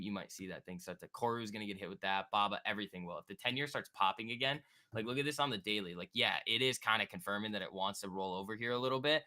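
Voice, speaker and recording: A man's voice: on the low side, bright, forceful tone. A man hosting a live stock market stream, chatting casually, joking and reacting to viewers and charts. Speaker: stock trading livestream host.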